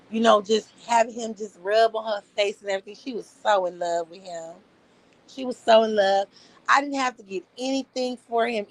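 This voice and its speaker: A woman's voice: on the high side, creaky, low-quality recording. Chatty woman with a raised voice. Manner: chatty and animated, swears freely, calls the listener "girl". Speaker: vlogger. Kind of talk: casual storytime chat.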